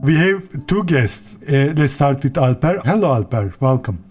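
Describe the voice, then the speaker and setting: A man co-hosting a casual podcast over online voice chat, chatty and quick to laugh, with hesitant phrasing. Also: mid-range voice, expressive, a little mellow, soft background music. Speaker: podcast co-host.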